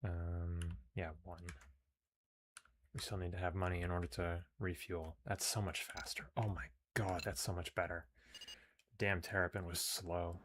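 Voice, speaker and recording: Low-voiced man reading game text. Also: little pitch movement, unhurried, fairly bright tone, slight background noise. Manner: casual, swears in asides. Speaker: game streamer. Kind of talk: reading game text aloud with casual asides.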